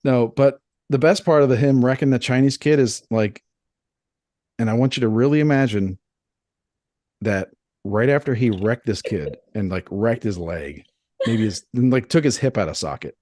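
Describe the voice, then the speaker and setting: A man in his thirties co-hosting a podcast, telling crude, rambling, animated stories in casual banter. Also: mid-range voice, normal speed, no room sound. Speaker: podcast co-host.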